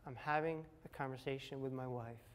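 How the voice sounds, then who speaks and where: A middle-aged man telling a candid personal story, dramatic and confessional, dropping to a hush at tense moments. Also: mid-range voice, steady tone, fairly quick. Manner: candid, dramatic retelling with acted quotes and swings from loud to hushed. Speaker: speaker sharing a personal recovery story.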